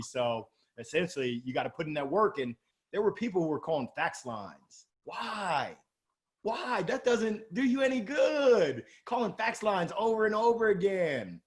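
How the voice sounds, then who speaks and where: High, bouncy Southern man. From Alabama. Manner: animated, exuberant, quick jokes. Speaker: guest sales coach. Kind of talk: energetic interview talk.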